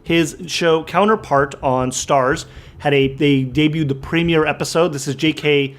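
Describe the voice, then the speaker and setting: Wry, slightly high-voiced male co-host. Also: measured pace. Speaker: podcast co-host. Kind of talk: casual podcast banter.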